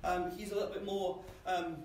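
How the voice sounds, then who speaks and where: A man's voice: sits high, flat delivery, fairly quick, darkish tone, a little hiss or hum. A man preaching a sermon in a church, conversational and often asking the congregation questions. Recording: echoey church from a distance.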